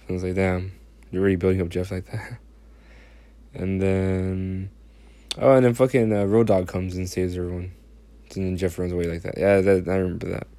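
A man's voice: low voice, warm tone, no echo. A young man casually recapping a wrestling episode, rambling, swearing a lot and laughing often. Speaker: podcast host.

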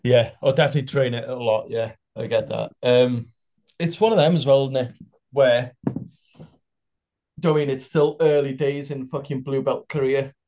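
A man's voice: medium pitch, moderate pace, a little mellow. Easygoing man chatting casually. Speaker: podcast co-host. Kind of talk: casual chat.

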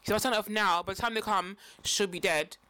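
A woman's voice: medium pitch, fast, bright, forceful tone, smooth, dry recording. A woman co-hosting a podcast, chatting casually and animatedly, often laughing. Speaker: podcast co-host. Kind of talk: casual chat.

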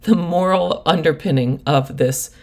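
A woman's voice: sits low, a little slow, darkish tone. A middle-aged woman coach telling stories in a casual, rambling monologue full of asides. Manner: rambling, digressive storytelling with laughs and asides. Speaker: prosperity coach and host.

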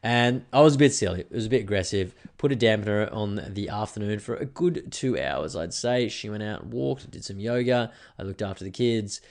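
An Australian man in his thirties talks through his weekend on a solo podcast. His voice sits a little low, and he rambles in a relaxed way, swearing freely. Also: brisk, hardly any pauses. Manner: sweary, laid-back storytelling. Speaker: podcast host. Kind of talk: casual solo podcast chat.

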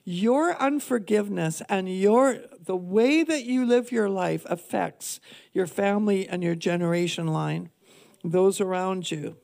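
A woman's voice: mid-range voice, unhurried, gravelly, darkish tone. A woman minister preaching a sermon with earnest emphasis, repeating key points for weight. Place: church.

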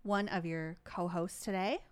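A woman's voice: fairly low pitch, steady tone, measured pace, clean tone. A young woman co-hosting a podcast in casual chat, bubbly and playful, laughing often. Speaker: podcast co-host.

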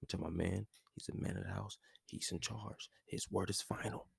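A man's voice: low-pitched, fairly even intonation, normal speed, vocal fry, slightly rough, no room sound, clean studio sound. A young man co-hosting a casual chat, laid-back and slangy. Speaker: podcast co-host.

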